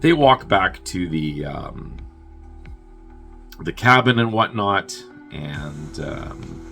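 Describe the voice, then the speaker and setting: Bright-voiced man rambling through a plot recap. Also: low voice, sing-song, drawn-out words, vocal fry, faint music behind. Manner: rambling, wry, laughs at his own jokes. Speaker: movie review podcast host.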